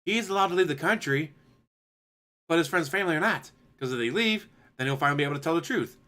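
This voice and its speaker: A man's voice: on the high side, lively intonation, fast, sharp tone. A man streaming commentary, answering a clip with sarcastic, mocking rebuttals. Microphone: desk USB microphone.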